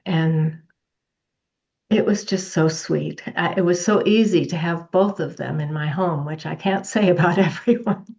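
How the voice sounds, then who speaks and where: A woman speaking softly and sincerely at a memorial over a video call. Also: fairly low pitch, creaky. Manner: soft, measured and sincere. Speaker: friend giving a tribute. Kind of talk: memorial remembrance. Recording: dull video call audio.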